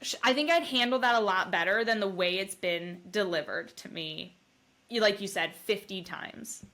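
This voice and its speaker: Bright-voiced woman telling her story candidly. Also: mid-range voice, normal speed. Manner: candid, animated storytelling with quoted asides. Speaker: podcast co-host sharing her recovery story. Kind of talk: casual podcast conversation.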